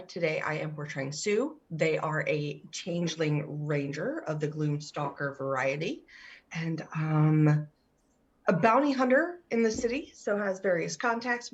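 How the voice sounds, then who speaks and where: A woman introducing her character on a tabletop game stream, playful and chatty. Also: on the low side. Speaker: player. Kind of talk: casual chat. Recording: dull lo-fi audio.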